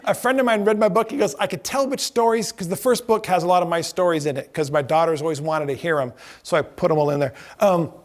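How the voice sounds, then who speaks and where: A man with a notably high voice lectures to a class, spinning comic anecdotes. He laughs at his own punchlines and wanders into asides, stopping to correct himself mid-sentence. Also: quick pace, hardly any pauses. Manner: joking storyteller, laughs at his own stories; self-correcting, rambling asides. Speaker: lecturer and former ride skipper.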